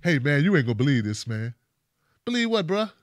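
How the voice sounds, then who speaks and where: A man voicing a gossiping fake male friend who talks in a low, conspiratorial, slangy way. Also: very animated, a little fast, no echo, studio quality.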